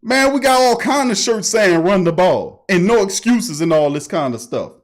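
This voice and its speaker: High-voiced New man, animated sports talk. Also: moderate pace. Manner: animated, repetitive, emphatic, often laughing. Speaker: sports talk show host. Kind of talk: casual sports talk livestream.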